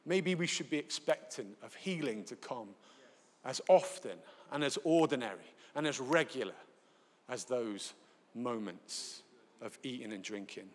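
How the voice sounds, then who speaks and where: Northern English preacher in a reverberant hall. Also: male voice, medium pitch, measured pace. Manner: lively storytelling, acts out dialogue. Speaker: pastor. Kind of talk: sermon with anecdotes. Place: large church hall, live.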